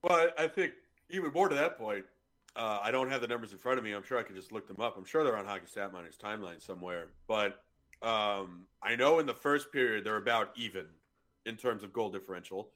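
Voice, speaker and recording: A man's voice: fairly low pitch, a little fast, a bit bright. A man co-hosting a casual podcast, blunt and swearing freely in chat. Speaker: podcast co-host.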